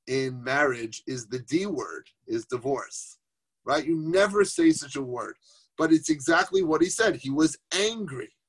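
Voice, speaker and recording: A man's voice: fairly high pitch, vocal fry, slightly rough. A man teaching Torah informally on a group phone call, conversational, asking rhetorical questions and mixing in Yiddish and Hebrew terms.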